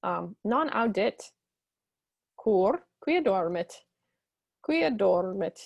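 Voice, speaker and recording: A woman teaching Latin, reading lines slowly and then explaining them quickly in English. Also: expressive, gravelly, no room sound, highs cut off. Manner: acts out characters with high squeaky voices. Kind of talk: explaining a textbook story.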